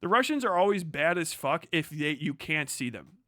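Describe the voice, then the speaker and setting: A man hosts a livestream and rants in a profane, sarcastic ramble. His voice sits a touch higher than most men's. It sounds dry and close, with no room around it. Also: expressive, normal speed, a bit bright, dry recording. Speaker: livestream host. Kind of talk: casual stream rant.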